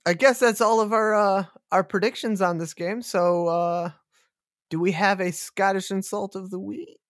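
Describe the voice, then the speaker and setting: A man's voice: sits high, steady tone, moderate pace, a bit bright, no echo, studio quality. A man hosting a podcast, laid-back and wry as he leads the segments and signs off. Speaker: podcast host. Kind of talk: casual podcast banter.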